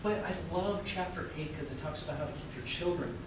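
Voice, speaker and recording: A woman's voice: deep voice, fairly quick, background noise. A woman performing in a live improv comedy scene, chatty and earnest in character. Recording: echoey room mic from far off, audience behind.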